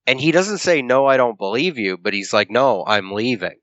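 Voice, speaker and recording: A man's voice: medium pitch, lively intonation, moderate pace, few pauses, fairly bright tone, dry recording. A man co-hosting a podcast, retelling a comic book's story at length in casual chat and acting out the characters' lines, swearing freely. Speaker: podcast co-host. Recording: dull lo-fi podcast audio.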